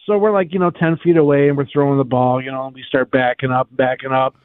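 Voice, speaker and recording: A man telling a rambling, animated story on a sports radio show, packed with "like" and "you know.". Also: mid-range voice, fast talker, no echo. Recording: tinny phone-like line.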